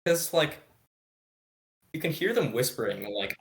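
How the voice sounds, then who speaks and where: A young man in easy podcast chat, cursing freely and breaking into laughter, his voice bright and forward. He sounds like he is in an echoey room with hard walls around his mic. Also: fairly high pitch, big pitch swings, slight background noise. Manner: profane, quick-laughing, self-interrupting. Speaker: podcast co-host. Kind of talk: casual chat.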